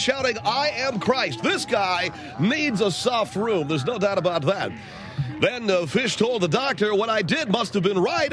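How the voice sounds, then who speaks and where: A man's voice: high voice, a bit bright, a little hiss or hum, pitched above the performer's own voice. A man doing a brash, hyped fill-in radio host. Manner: hyped carnival-barker delivery, rapid-fire. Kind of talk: comedic radio character bit.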